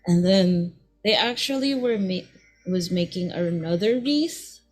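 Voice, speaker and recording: A woman with a lowish voice narrates her character's actions slowly, as a tabletop player. She rambles loosely, peppering her speech with "like" and "kinda". Her delivery is casual throughout. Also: expressive, soft background music. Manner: rambling, filler-laden. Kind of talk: casual tabletop game play.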